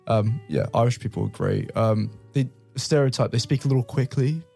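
Gravelly-voiced man, chuckling explainer in casual panel chat. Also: mid-range voice, moderate pace, soft background music. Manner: relaxed, chuckling, explains at length. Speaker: guest explaining British stereotypes.

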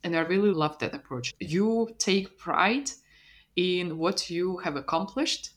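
A woman's voice: on the low side, expressive, a little slow. A woman from Russia, co-hosting a casual podcast chat, agreeable and reflective. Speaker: podcast co-host.

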